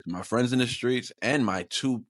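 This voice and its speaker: A man's voice: medium pitch, normal speed, dry recording. A man, a guest telling stories in a loose, rambling way, often repeating words as he talks. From Long Island, New York. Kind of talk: casual conversation.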